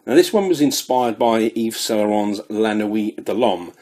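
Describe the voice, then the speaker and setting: British guy going on about perfumes, low husky voice, bit out of breath, rambly. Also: expressive, moderate pace, darkish tone. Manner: chatty, rambling, self-deprecating. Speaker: fragrance reviewer. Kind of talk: casual product review.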